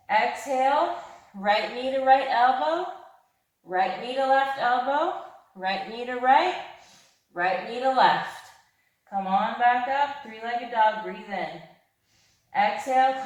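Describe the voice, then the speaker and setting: A woman leading a fast yoga class with upbeat, encouraging cues, a little out of breath. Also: a little high. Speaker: yoga instructor. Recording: very echoey room.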